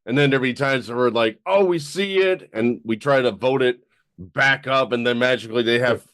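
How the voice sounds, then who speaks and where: A man's voice: mid-range voice, steady tone, a little fast, fairly bright tone, no room sound. Easygoing man telling a story. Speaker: podcast co-host. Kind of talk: casual chat.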